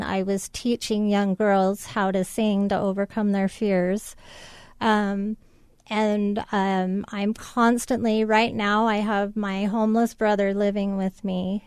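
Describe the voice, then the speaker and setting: A middle-aged woman telling a painful personal story as an interview guest, halting and emotional, with many fillers and restarts. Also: mid-range voice, smooth, dry recording.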